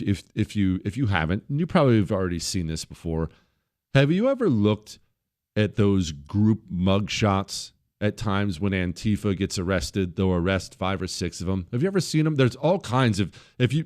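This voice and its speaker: A man's voice: on the low side, a little mellow. A man hosting a political talk radio show, delivering a combative, sarcastic monologue that repeats phrases for emphasis.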